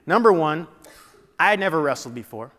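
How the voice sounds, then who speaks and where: Guy giving a keynote, kinda high voice, chatty storytelling w lots of "you know", big echoey hall. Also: lively intonation, fairly quick, sharp tone. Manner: conversational, with frequent "you know" and restarts. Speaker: keynote speaker. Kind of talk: motivational storytelling speech. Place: large meeting hall. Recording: long hall reverb.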